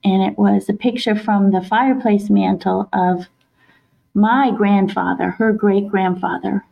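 A woman telling a personal family story on a podcast in a heartfelt, halting way, with soft laughs. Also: medium pitch, gravelly, dull audio. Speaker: guest, author and wife of host.

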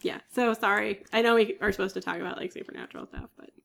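A woman's voice: medium pitch, steady tone, fast, creaky, fairly bright tone. A woman co-hosting a podcast, retelling a myth in a chatty storytelling way with many fillers and frequent coughs. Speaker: podcast co-host. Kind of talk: casual chat, retelling a myth.

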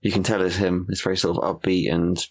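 A man co-hosting a podcast in casual chat, low-key and agreeable. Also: little pitch movement, fast talker. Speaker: podcast co-host.

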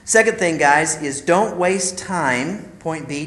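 A man's voice: on the high side, expressive, takes it slowly, few pauses, fairly bright tone, reverberant, poor audio. A man telling a personal story in a sermon-like talk, speaking straight to the men as "guys" in a casual, conversational way. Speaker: speaker at a men's ministry.

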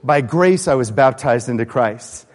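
A man preaching a sermon in a church, animated and acting out the voices of the people he quotes. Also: mid-range voice, unhurried. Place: church sanctuary. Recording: long church-hall reverb.

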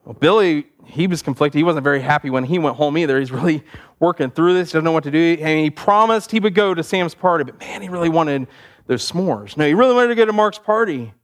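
A male pastor telling a story in a sermon, animated and conversational with easy laughs. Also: fairly high pitch, a little fast.

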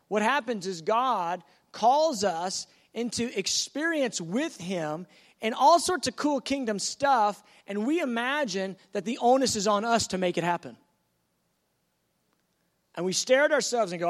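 High-voiced man preaching a sermon. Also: animated, a little slow, long reverb tail. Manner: earnest and emphatic, acting out scripture dialogue.

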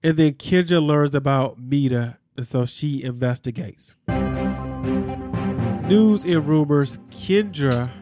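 A man's voice: a little high, slow pace, loud music behind the voice. A man hosting a podcast, recapping reality TV in a candid, slangy way with asides to his listeners. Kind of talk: casual chat.

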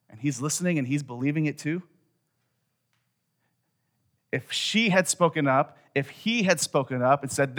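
A middle-aged man preaching a sermon as a pastor in a conversational way, dropping quiet and then rising to loud emphasis. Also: medium pitch.

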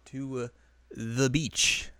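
A man's voice: medium pitch, fairly even intonation, very slow, pushed and bright, clean tone, no echo, clean studio sound. A man co-hosting a podcast, recapping an episode in casual chat, laughing often. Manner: laughs often, rambling recap with acted quotes. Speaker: podcast co-host.

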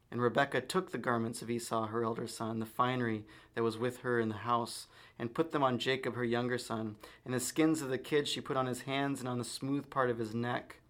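Man reading scripture, measured. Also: medium pitch, fairly bright tone. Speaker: reader.

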